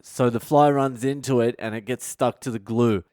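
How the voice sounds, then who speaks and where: A man's voice: medium pitch, fairly even intonation, moderate pace, darkish tone, no room sound, clean studio sound, natural voice. A man putting on a polite Indian-accented filmmaker. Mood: polite, explaining. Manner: polite, matter-of-fact, explaining patiently.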